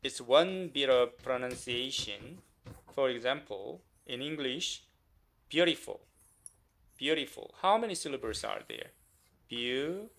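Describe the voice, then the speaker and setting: A man with a Korean accent teaching a beginner language lesson, speaking slowly and repeating words for learners. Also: medium pitch, expressive, gravelly, fairly bright tone. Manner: slow, repetitive, encouraging teacher talk.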